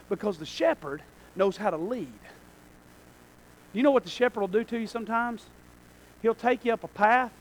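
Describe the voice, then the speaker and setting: A male pastor preaching a sermon in a church, swinging between shouted lines and quiet asides. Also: high-pitched, low-quality recording.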